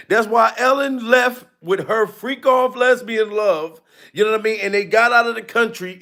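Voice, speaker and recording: A man's voice: high-pitched, a bit bright. A man, a comedian, talking casually through gossip news, laughing often between lines and swearing freely. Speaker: comedian commentator.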